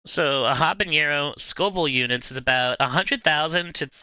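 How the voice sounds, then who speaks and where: A man's voice: on the high side, moderate pace, pushed and bright, smooth, dry recording, dull audio. A man hosting a livestream, casually chatting with viewers in a playful, rambling way. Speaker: livestream host. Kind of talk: casual chat answering viewers.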